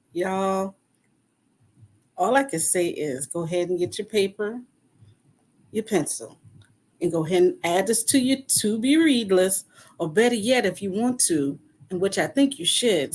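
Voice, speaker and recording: A woman hosting a podcast interview, talking in an encouraging, folksy way and often checking in with her listeners. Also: mid-range voice. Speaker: podcast host.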